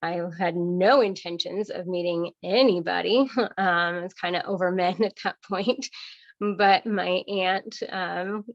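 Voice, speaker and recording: A middle-aged woman from Washington state recounts her life in a relaxed interview, chatting and laughing easily with plenty of ums. Her voice sounds close and dry, with a slightly dull, muffled tone. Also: lowish voice, unhurried, no echo. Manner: chatty, laughs often, many fillers. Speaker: interview guest. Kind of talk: casual interview storytelling.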